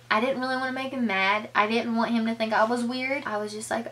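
Talking fast with few pauses, this young vlogger shares a chatty, filler-packed storytime and performs the lines she quotes with large pitch leaps. Her intonation is otherwise fairly even, and her tone fairly bright.

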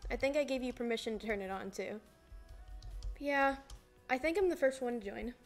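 A woman's voice: on the high side, brisk. Chatty young woman streamer, music behind. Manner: chatty, rambling, often laughing, greeting viewers. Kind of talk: casual livestream chat while gaming. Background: music playing.

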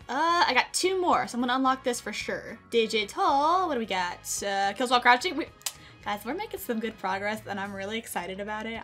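Woman gamer, high bright voice, bubbly play-by-play with lots of laughs, faint game music behind. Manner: excitable, self-deprecating, quick to laugh. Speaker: gaming video creator. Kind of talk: live gameplay commentary.

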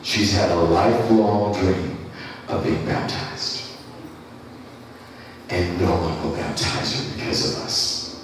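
A man's voice: low voice, takes it slowly, long pauses, noisy background. A male preacher voicing an upset middle-aged woman on vacation, pleading and aggrieved. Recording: echoey church hall from a distance.

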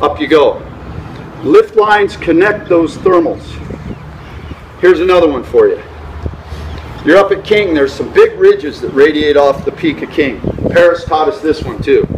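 A middle-aged man teaches thermal flying outdoors in an animated, hands-on way, often imitating the beeping of his instrument. His voice sits a little high for a man. The recording is echoey, with faint outdoor noise underneath. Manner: animated, imitates vario beeps with rising pitch. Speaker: hang gliding instructor. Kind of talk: outdoor flying lesson talk. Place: outdoors at a mountain flying site.

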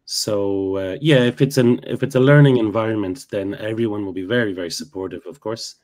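Relaxed Ulster man on a live Q&A. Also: on the low side, a little fast. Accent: Ulster Irish. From Mid Ulster, Ireland. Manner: thoughtful, relaxed, with frequent ums and restarts. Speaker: co-host, Irish language teacher. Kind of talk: casual live Q&A chat.

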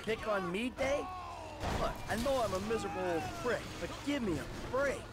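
An actor playing a gruff, self-pitying middle-aged male criminal in video game dialogue, grumbling and sour. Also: high-pitched, lively intonation, moderate pace.

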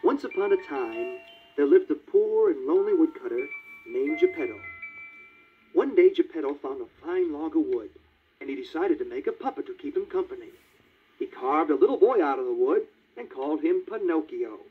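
A man's voice: a little high, normal speed, soft background music. Guy reading a kids book on an old record, bouncy voice, thin tinny phone-like sound. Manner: lively, friendly to children. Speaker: storybook reader. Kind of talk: read-along storybook narration. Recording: tinny 1950s vinyl record.

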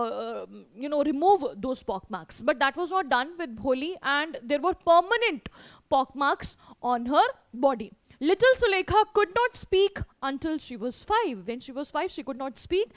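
A woman's voice: high-pitched, dry recording. A woman teacher with an Indian English accent, explaining a story to students and repeating points with many fillers.

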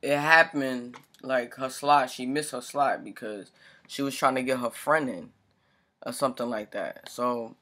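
A man's voice: medium pitch, unhurried, pushed and bright. A man hosting a reaction video, giving casual slangy commentary. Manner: slangy, says bro a lot. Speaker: reaction channel host.

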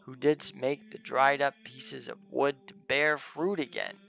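A man's voice: mid-range voice, fairly even intonation, a little slow, creaky, sharp tone, soft background music. A man voicing a devout, faithful poor woman, reading her pleading words in solemn archaic English.

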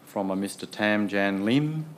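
A man's voice: on the low side, expressive, a little slow, slight background noise. A man chairing a council meeting as mayor, polite and patient, often repeating himself. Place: council chamber.

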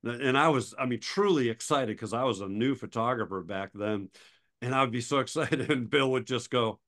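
A man's voice: mid-range voice, normal speed, a bit bright. Chuckling, storytelling male co-host. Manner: storytelling, chuckles often, wistful when remembering friends. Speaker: podcast co-host. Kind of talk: casual chat.

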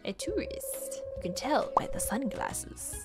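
Bubbly woman gamer, lively high voice. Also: a little slow, loud music behind the voice. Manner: chatty and excitable, gasping and reacting aloud. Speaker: gaming channel host. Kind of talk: casual let's-play commentary.

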